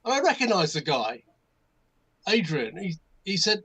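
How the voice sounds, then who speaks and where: A man's voice: sits high, sing-song, moderate pace, pushed and bright, slightly rough, low-quality recording. An older man with an English accent, telling a rambling anecdote as a guest on a hobby livestream, full of restarts and asides. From England. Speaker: guest modelmaker.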